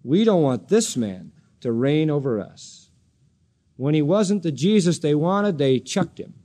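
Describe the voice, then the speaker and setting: A man's voice: big pitch swings, measured pace, mellow. A man preaching an expository sermon, dramatically acting out the voices he quotes. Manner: dramatic, acts out quoted voices with sweeping pitch.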